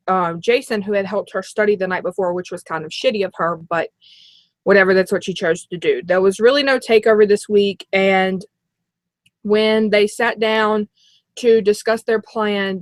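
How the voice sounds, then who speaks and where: A woman's voice: medium pitch, no echo. A female co-host recapping events in casual chat, rambling with fillers.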